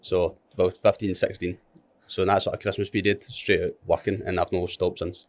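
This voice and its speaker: Laid-back Scottish man, lowish voice. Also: little pitch movement, brisk. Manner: laughing easily, rambling storyteller. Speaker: podcast guest. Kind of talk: casual podcast chat.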